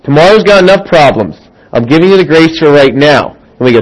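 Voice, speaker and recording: A middle-aged man preaching a sermon as a pastor, acting out quoted voices and swinging from loud emphasis to hushed asides. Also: fairly high pitch, lively intonation, fairly quick, poor audio.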